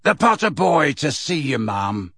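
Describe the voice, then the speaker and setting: A man's voice: a little high, very animated, a little slow, creaky, sharp tone, slightly rough, dry recording, studio quality, exaggerated voice. A man voicing a leering, nasty old male school caretaker who wheezes and gloats. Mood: gloating. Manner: gloating, chuckling menace.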